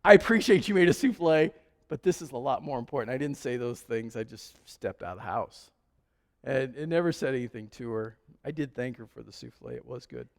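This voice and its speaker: A male pastor preaching a sermon in a relaxed, conversational storytelling way. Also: medium pitch, fairly quick, creaky. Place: church sanctuary. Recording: long church hall reverb.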